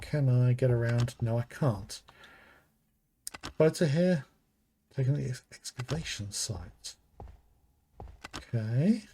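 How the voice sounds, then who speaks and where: A British man streams a horror game, speaking slowly as he thinks aloud and mutters the names of items he finds. His voice is medium-pitched and mellow, with a faint hiss or hum in the recording. He's a gaming streamer giving live commentary.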